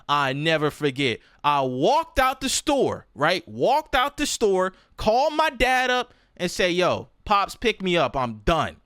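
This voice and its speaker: A young man with a raised, bright, forceful voice tells a story to his chat as a streamer, animated and profane and repeating himself for emphasis. His voice is recorded dry and close. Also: a little high, clear, resonant tone, no echo. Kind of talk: casual storytelling to a live chat.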